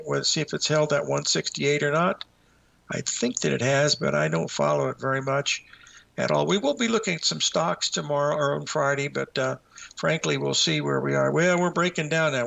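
A man's voice: fairly high pitch, vocal fry, a bit bright. A man hosting a live market show, out of breath, rambling as he walks through trading charts and talks to himself.

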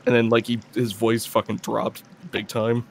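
A man's voice: mid-range voice, completely flat delivery, normal speed, creaky, slight background noise. A young man of twenty-one chatting casually while playing a video game, rambling, swearing and laughing often. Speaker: gameplay video player. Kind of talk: casual gameplay chat.

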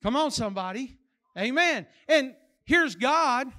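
An older man preaching in a church with a strikingly high, bright and sharp voice. He speaks in a folksy, emphatic way. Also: expressive, unhurried. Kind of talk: sermon.

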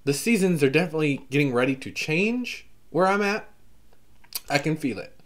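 Animated man with a light Southern accent. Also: fairly high pitch, moderate pace. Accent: Southern US, toned down. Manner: animated, exclaims, skims text with filler. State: coughing from allergies. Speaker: vlogger browsing a book catalog. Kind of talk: casual chat, reading blurbs aloud.

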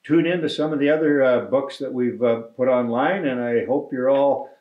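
A man's voice: mid-range voice, moderate pace. Friendly guy reading a kids book, echoey room, kinda lo-fi. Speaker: mayor reading to children. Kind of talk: read-aloud storytelling. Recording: echoey room, dull lo-fi sound.

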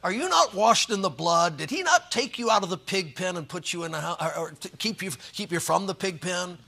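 A man's voice: high voice, expressive, a little fast, vocal fry, sharp tone, slightly rough. A man preaching a sermon as pastor, reading scripture and joking in a folksy way.

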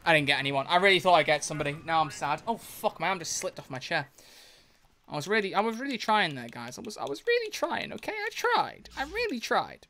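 A young man streaming a video game live, excitable and swearing a lot as he comments. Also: high voice, fairly quick. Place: home gaming setup at a desk.

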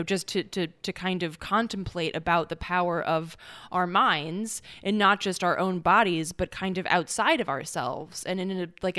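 A woman's voice: lowish voice, fairly bright tone. A woman co-hosting a podcast in casual chat, rambling and self-mocking, with plenty of swearing. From North Carolina. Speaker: podcast co-host.

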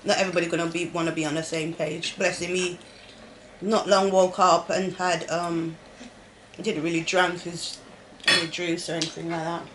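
Chatty British mum at the dinner table. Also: female voice, on the low side, level tone, moderate pace. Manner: chatty, laughing often, talks to viewers. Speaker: family vlogger, mother. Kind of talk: casual family chat at a meal. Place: family home at the dinner table. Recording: noisy home recording with clatter of dishes.

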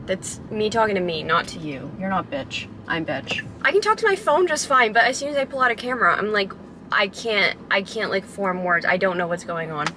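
Give me a young woman vlogging candidly, rambling and anxious, in a mid-pitched voice. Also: animated, fairly quick, background noise. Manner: rambling, filler-heavy, anxious self-talk. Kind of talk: candid personal vlog.

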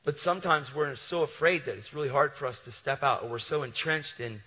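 A man preaching a sermon, telling stories in a casual, animated way with slangy asides. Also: mid-range voice, fairly quick, big-room sound. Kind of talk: storytelling sermon.

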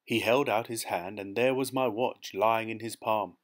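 A man reading a short story aloud as an audiobook narrator, in a measured, even manner. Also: fairly low pitch. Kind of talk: scripted narration.

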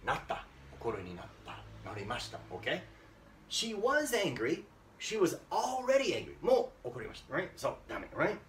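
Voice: medium pitch, huge pitch swings, fairly quick, roomy sound, recorded from a distance, a little hiss or hum. An English teacher giving a casual, playful lesson to Japanese learners, checking in with listeners often.

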